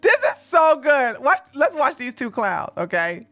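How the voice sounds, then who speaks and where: A woman streamer reacts live to a clip, mocking it and laughing, now and then breaking into shouts. Her voice sits high and bright, and her pitch swings widely as she goes. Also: sing-song, unhurried.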